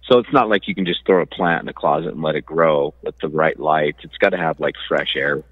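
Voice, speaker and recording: A man's voice: rumbling low, a little fast, dry recording. A man calling in to a podcast and casually explaining things in a laid-back way. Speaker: radio host calling in. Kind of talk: casual chat. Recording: dull phone line.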